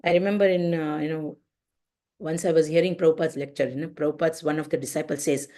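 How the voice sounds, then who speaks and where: A woman's voice: deep voice, fairly even intonation, fast talker, mellow. A woman with an Indian accent giving a devotional class online, telling stories and acting out voices with lots of "you know" fillers. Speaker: spiritual class teacher. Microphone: video call.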